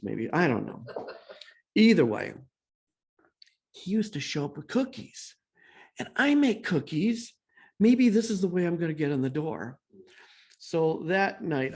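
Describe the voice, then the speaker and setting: A middle-aged man telling a personal story as a guest speaker, self-deprecating and animated, acting out the voices of the people he quotes. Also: a little high, slight background noise.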